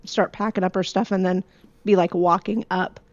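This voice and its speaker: A woman at a tabletop game who calmly describes what her character does. The recording is dull and lo-fi, and dry with no room echo. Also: fairly low pitch, moderate pace. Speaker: player.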